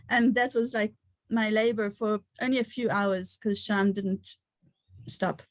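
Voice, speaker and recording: A woman's voice: a little high, fairly even intonation, normal speed, dry recording. A woman hosting an online gathering, sharing personal stories in a chatty way with frequent laughter and fillers.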